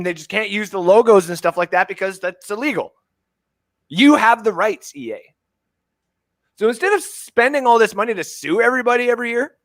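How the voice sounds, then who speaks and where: A Canadian man in his thirties co-hosting a sports podcast, ranting with heavy swearing, swinging from shouting to muttering. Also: sits high. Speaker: fantasy sports podcast co-host.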